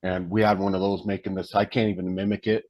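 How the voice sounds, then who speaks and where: A man's voice: deep voice, level tone, fast talker, dry recording. Blunt, emphatic man on a dull line. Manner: blunt and emphatic, slangy, swears. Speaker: guest, hunting guide and tracker. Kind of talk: casual conversation.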